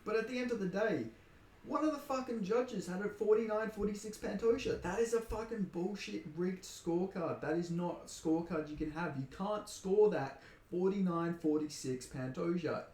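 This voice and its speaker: An Australian MMA commentator from Perth rants heatedly and indignantly, swearing a lot, over a fight decision he considers a robbery. His voice is high and a little mellow, at a moderate pace, in a roomy-sounding space.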